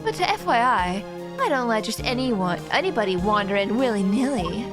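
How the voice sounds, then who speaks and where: A woman's voice: fairly high pitch, big pitch swings. A woman voicing a flamboyant, gushing older hostess who calls everyone darling, with a theatrical purr over game music. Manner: theatrical, drawn-out purring "darling".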